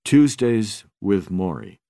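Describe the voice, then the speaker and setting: A man reading a book aloud on radio in a measured, even narration. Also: lowish voice, smooth, dry recording, clean studio sound.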